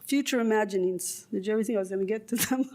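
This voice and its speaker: An older woman from California reads a prepared lecture in a measured, rhetorical way and breaks off for wry, joking asides. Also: medium pitch, dark tone. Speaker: guest lecturer.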